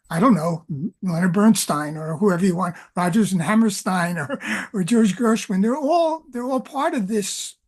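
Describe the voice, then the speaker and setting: Husky woman lecturing, stops and restarts a lot, talks about music. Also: mid-range voice, darkish tone. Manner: halting, many restarts. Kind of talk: academic discussion.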